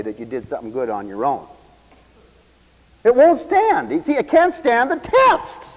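A man preaching a sermon, swinging between loud exclamations and low asides and acting out the voices of the people he quotes. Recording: dull, lo-fi radio broadcast with hall reverb.

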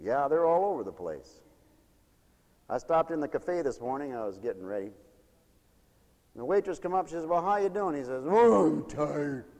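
A man's voice: on the high side, very animated, normal speed, long pauses, a little mellow, in a large hall. A man preaching a folksy sermon, acting out the people he quotes.

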